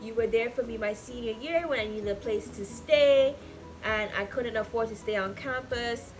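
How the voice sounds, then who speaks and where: A woman in her twenties venting in a casual vlog, talking emotionally and swinging between loud and soft. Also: a little high, normal speed, soft background music. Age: 20s. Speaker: vlogger.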